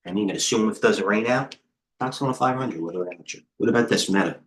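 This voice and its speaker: Rambling, excitable man with a low voice. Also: fast talker, a little hiss or hum. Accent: New York. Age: middle-aged. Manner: rambling, excitable, chatty with viewers. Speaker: trading coach hosting a livestream. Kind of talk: casual live market commentary.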